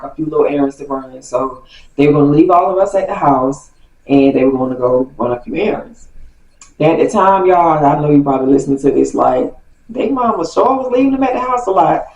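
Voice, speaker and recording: A woman's voice: low-pitched, lo-fi sound. Chatty woman telling a story, echoey room. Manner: chatty, animated, addresses viewers. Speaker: vlogger. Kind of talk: casual storytime. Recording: roomy, distant from mic.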